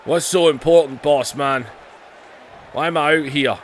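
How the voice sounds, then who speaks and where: A man's voice: on the high side, unhurried, slight background noise, close to an everyday voice. A man voicing a cocky grown male wrestler who brags about being dangerous, in a weak attempt at an accent.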